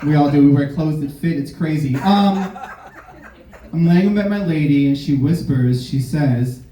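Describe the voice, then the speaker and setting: Stand-up comic, male, from Miami, higher-voiced and very lively delivery, heard from a distance in a roomy club. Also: normal speed. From Miami, United States. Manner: animated, jumps into mocking voices for bits. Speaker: stand-up comedian. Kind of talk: stand-up comedy set. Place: comedy club stage.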